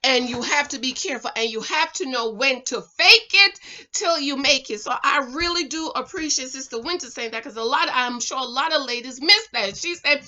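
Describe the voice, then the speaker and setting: A middle-aged woman talks to the camera in an animated, chatty way, with a rather high voice and a bright, forceful edge. She keeps calling her viewers "girl" and "ladies" and checks in with them as she talks. The sound is slightly dull and muffled. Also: moderate pace. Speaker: vlogger reviewing a reality show. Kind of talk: casual chatty commentary. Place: her home.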